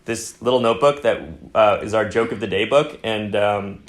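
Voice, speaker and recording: A man's voice: fairly low pitch, normal speed, echoey room. A Canadian man chatting casually as a podcast guest, rambling with many fillers and restarts. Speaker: podcast guest, fashion editor. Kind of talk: casual chat.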